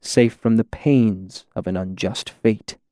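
A man's voice: fairly low pitch, takes it slowly, dry recording, studio quality. A man voicing a grief-stricken fallen male hero who speaks with heavy weariness, at times breaking into anguish. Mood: resigned. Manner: weary and heavy, rising to anguished shouts. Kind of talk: audiobook character voice.

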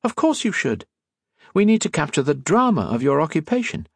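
A man's voice: fairly high pitch, very animated, brisk, gravelly, slightly rough, no echo, voice pushed up, full character voice. A man voicing a playful, bold young woman in a storybook reading, teasing and lilting. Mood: flattering.

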